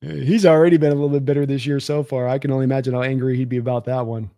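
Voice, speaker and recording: A man's voice: mid-range voice, level tone, racing, mellow, dry recording, studio quality. A young man hosting a live football stream, rambling casually, reading viewer comments aloud and thanking them by name. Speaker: sports livestream host.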